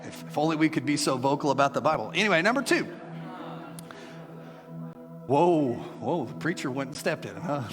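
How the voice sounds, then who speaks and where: A middle-aged man preaching a sermon as pastor, animated and joking with playful asides to his congregation. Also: fairly high pitch, normal speed, pauses often, long reverb tail, music in the background. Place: church sanctuary.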